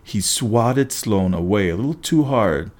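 A man reading a first-person story aloud as an audiobook narrator, steady with wry asides. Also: fairly low pitch, unhurried.

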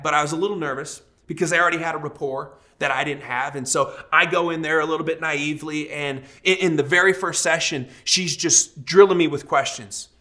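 A man in his thirties, a pastor, preaching a sermon and telling a personal story in a lively storytelling way. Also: on the high side. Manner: storytelling, animated, acts out quoted voices.

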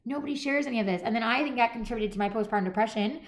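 A woman's voice: on the high side, rapid-fire. A woman in her thirties hosting a podcast, chatting casually and animatedly and acting out the people she quotes. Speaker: podcast host. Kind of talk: casual chat.

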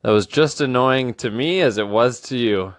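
A man presenting a series of comedy impressions in a dry, unhurried way. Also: mid-range voice, heavy background noise.

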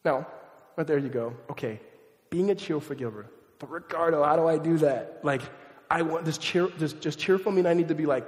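Male pastor, fairly high voice, chatty animated sermon, reverberant church hall. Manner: conversational, animated, self-deprecating asides. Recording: echoey hall, long reverb.

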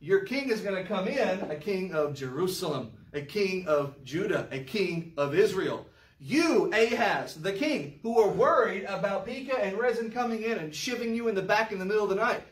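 Male Bible teacher, high-pitched, emphatic and wry, miked from a distance. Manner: animated, emphatic, with sarcastic asides. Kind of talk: verse-by-verse Bible study lesson. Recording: roomy echo, mic far off.

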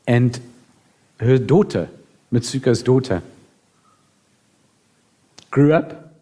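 A man's voice: mid-range voice, expressive, extremely slow, dark tone, husky. A man preaching a sermon as pastor, emotional and building to impassioned appeals.

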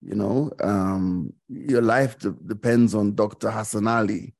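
Gravelly-voiced man telling a personal story. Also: fairly low pitch, steady tone, unhurried, a little mellow. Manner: reflective, repeats phrases, many fillers. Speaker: guest, DJ and radio host.

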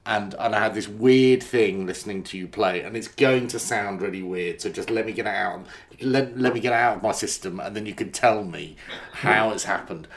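A man's voice: lowish voice, normal speed. A man interviewing a musician, talking in a hesitant, self-deprecating way and circling around his point. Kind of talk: conversational interview.

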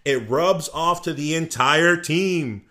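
A man co-hosting a sports podcast, talking in an excitable, boastful way about his favorite team. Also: fairly high pitch, takes it slowly. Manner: excitable, boastful fan talk. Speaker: podcast co-host. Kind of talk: casual sports chat.

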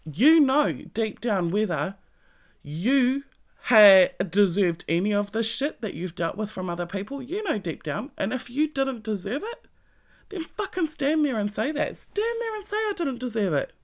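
A creaky, gravelly voice delivers a blunt motivational monologue, swearing freely and pressing the listener with direct questions. The pitch sits in a middle register, and the delivery stays emphatic and plain-spoken throughout. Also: sing-song, measured pace. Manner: speaks straight to the listener with pointed questions. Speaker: self-help vlogger.

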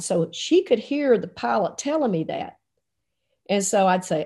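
A woman telling a lively personal story, acting out the voices of the people in it. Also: mid-range voice, moderate pace, creaky, slightly rough. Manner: animated, acts out quoted voices. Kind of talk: casual anecdote.

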